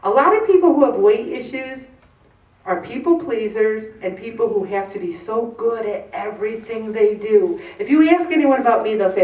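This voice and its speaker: A woman in her sixties leading a faith-based group talk, animated and acting out the voices she quotes. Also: fairly high pitch, normal speed. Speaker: faith-based weight-loss group leader. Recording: roomy room, mic far off.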